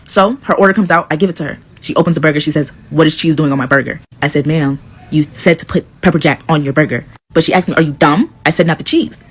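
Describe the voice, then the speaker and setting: A woman telling a story at a rapid clip, exasperated, her voice husky and fairly low. She races through one quoted exchange after another. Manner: fast, exasperated recounting. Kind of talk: casual storytelling.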